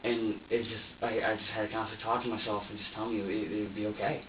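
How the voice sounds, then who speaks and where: A man's voice: fairly low pitch, flat delivery, quick pace, recorded from a distance. A young man in his twenties speaks in an agitated, rambling, profane way during a police interrogation, restarting his sentences over and over. He is heard from across a roomy interview room. The recording is dull and lo-fi, with a faint hiss underneath. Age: 20s. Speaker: suspect being interviewed. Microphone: room camera from a distance.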